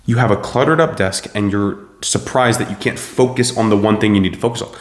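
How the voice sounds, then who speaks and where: A young man giving a blunt, profane motivational rant, preachy and forceful. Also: lowish voice, fairly quick, reverberant. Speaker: self-improvement video host.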